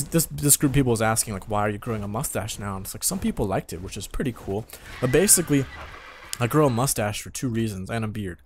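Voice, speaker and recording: A man in his twenties hosting casual gameplay commentary, chatty and rambling, with a voice starting to go hoarse. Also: medium pitch, slight background noise. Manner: chatty, rambling, talks straight to viewers. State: voice going hoarse. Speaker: gaming channel host.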